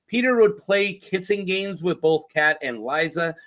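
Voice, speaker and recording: Brief: high-pitched male lore host, casual and chatty, cracks jokes and puts on quick voices. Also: expressive, a bit bright. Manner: chatty, jokey asides with put-on quote voices.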